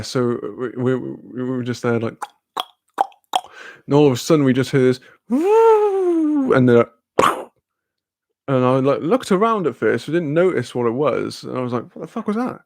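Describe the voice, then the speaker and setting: A man's voice: medium pitch, unhurried, gravelly, pauses often, no room sound. A young man, casually telling a rambling story with lots of fillers, laughter and swearing. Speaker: streamer.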